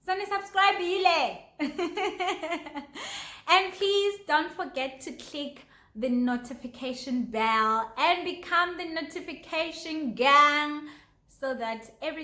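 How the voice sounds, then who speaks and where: A young South African woman vlogging to camera, bubbly and giggly, with sudden high exclamations. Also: sharp tone, roomy sound. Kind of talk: casual chat to camera.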